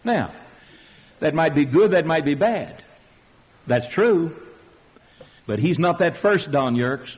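A man's voice: a little high, animated, slow pace, pauses often, highs cut off. A man preaching a fiery sermon, emphatic and rhetorical, calling out questions to his congregation.

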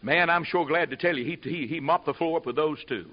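A man preaching a sermon in a folksy way, building to loud, emphatic preaching. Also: a little high, a little fast. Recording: muffled lo-fi sermon recording.

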